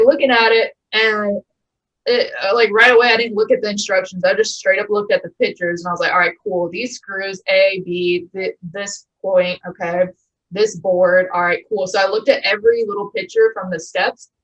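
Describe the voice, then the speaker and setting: A young woman in her twenties hosting a podcast in casual chat, animated and quick to get excited, swearing casually. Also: mid-range voice, lo-fi sound. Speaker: podcast host.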